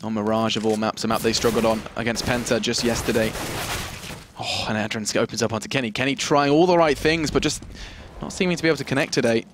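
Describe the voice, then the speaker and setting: A man's voice: medium pitch, fairly even intonation, fast, noisy background. Analytical male esports commentator.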